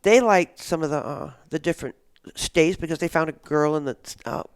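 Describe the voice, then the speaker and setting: A woman's voice: low voice, normal speed, smooth, dry recording. Enthusiastic older woman, rambling. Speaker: guest, action sports show organizer. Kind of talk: casual interview chat.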